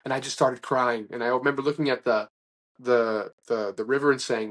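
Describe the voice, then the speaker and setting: Man as a chatty interview guest, rambling anecdotes, restarts, medium pitch. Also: fast talker. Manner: rambling, animated anecdotes with restarts and acted-out quotes. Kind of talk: casual conversational storytelling.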